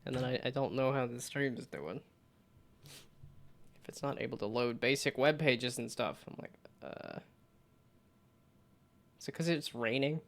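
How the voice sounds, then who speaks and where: A man chatting casually on a live stream while building a game, rambling and self-mocking, with frequent laughter and silly high whoops. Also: a little slow, vocal fry, long pauses.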